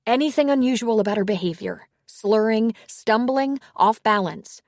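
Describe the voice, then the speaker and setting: A woman voicing a female emergency dispatcher who asks questions in a steady, methodical way. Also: a little high, moderate pace, dry recording, studio quality, voice pushed up, natural voice.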